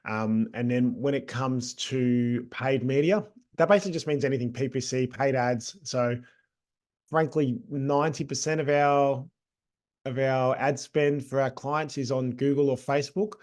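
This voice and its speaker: A middle-aged man with an Australian accent speaks in a relaxed, rambling way, filling pauses with ums. He is just getting over a cold, and his voice sits at an ordinary middle pitch. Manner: relaxed, chatty, with many ums. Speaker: guest, agency co-founder. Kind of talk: casual interview talk.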